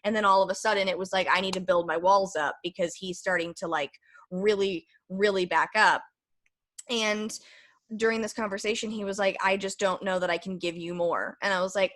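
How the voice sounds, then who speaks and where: A woman's voice: fairly low pitch, steady tone, fairly quick, a bit bright. A young woman hosting a podcast, telling a candid, rambling story in casual chat with lots of fillers. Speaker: podcast host.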